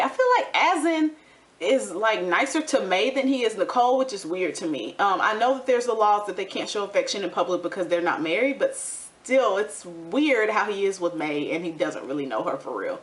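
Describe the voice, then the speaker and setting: Sassy young woman with a lilt, gossipy recap host, medium pitch. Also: normal speed. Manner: chatty, sassy, gossipy with animated quoted asides. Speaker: recap vlogger. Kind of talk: casual TV recap commentary.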